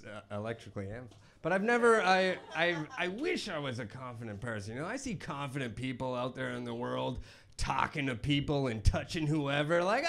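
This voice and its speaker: A man doing a stand-up comedy set on stage into a handheld microphone, with a hesitant, self-deprecating, halting delivery. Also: a little high, fairly bright tone.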